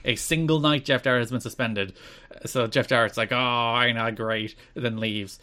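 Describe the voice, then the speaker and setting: A man co-hosting a casual podcast, recapping wrestling events with deadpan asides. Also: medium pitch, moderate pace. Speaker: podcast co-host.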